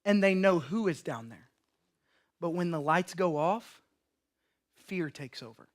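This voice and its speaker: A man preaching a sermon as a pastor, impassioned and storytelling, swinging between loud declarations and hushed lines. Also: a little high, animated, measured pace. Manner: storytelling with acted quotes.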